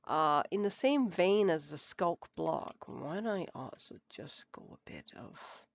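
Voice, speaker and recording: A woman's voice: deep voice, lively intonation, unhurried, vocal fry, a little hiss or hum. A woman streaming a building game, chatting and muttering to herself as she works, her nose stuffed up from a cold. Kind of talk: casual live gameplay commentary.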